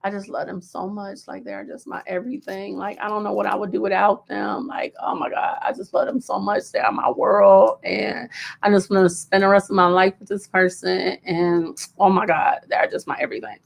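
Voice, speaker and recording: A woman's voice: mid-range voice, steady tone, a little fast, close to an everyday voice. A woman voicing a melodramatic friend who vents and gushes about a partner in a whiny tone. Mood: gushing. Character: dramatic friend swinging between rage and adoration of a partner.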